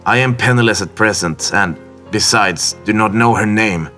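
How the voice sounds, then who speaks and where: A man's voice: fairly low pitch, normal speed, sharp tone, soft background music, voice pushed up. A man voicing a weary young sailor in an earnest, slightly raised storybook voice.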